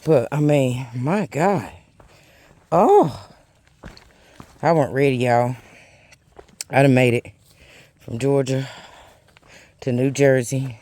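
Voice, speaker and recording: A man's voice: mid-range voice, takes it slowly, long pauses, darkish tone, no echo. A man vlogging on a hiking trail, chatty and exclamatory, calling his viewers honey and y'all. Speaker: thru-hiker vlogger. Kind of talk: casual vlog while hiking. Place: outdoors on a forest trail.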